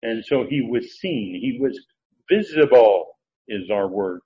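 A man teaching through Bible verses word by word, pausing often with filler sounds as he explains. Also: mid-range voice, expressive. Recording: dull lo-fi recording with faint background noise.

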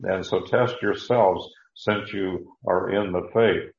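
A man's voice: deep voice, steady tone, slow, vocal fry. A man teaching a verse-by-verse Bible sermon in a plain explaining tone, often restarting his sentences as he works through Greek words. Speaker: preacher. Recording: dull, lo-fi, echoey room.

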